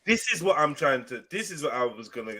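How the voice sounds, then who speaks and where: A man's voice: on the high side, big pitch swings, fast, pushed and bright, slightly rough, dry recording, rough recording. Pushy man arguing on a panel. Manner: pushy, argumentative, blunt. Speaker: panel host. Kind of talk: live online panel discussion.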